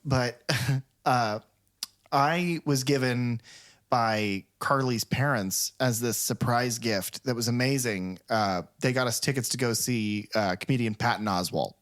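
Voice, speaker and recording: A male podcast host in loose, casual conversation. He rambles through his stories, full of "uh" and "like", and swears freely. His pitch sits in the middle for a man. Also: unhurried. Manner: rambling storyteller, profane, many fillers. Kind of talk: casual chat.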